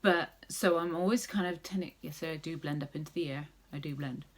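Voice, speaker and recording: A woman's voice: deep voice, brisk. A woman vlogger chatting casually through a makeup tutorial, rambling with jokey asides.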